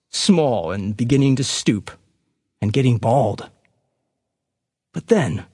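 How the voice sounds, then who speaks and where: A man preaching, retelling a story slowly and expressively. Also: mid-range voice, breathy edge, dry recording, clean studio sound. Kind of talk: storytelling sermon.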